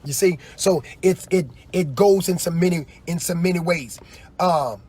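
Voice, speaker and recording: A man preaching in a loose, animated way on a livestream, often acting out quoted voices. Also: high-pitched, unhurried, husky. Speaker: apostle.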